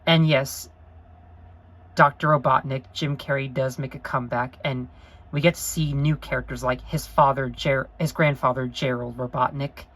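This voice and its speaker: A woman's voice: a bass voice, fairly even intonation, normal speed, fairly bright tone, low-quality recording. A woman talking to camera in an unscripted review vlog, earnest and rambling, gushing with emotion and often apologizing. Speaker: vlogger.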